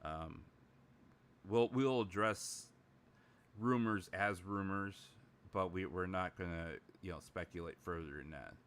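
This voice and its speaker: A man's voice: sits low, unhurried, fairly bright tone. A man hosting a casual livestream chat, rambling with lots of filler words. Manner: rambling, heavy use of fillers. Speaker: livestream host.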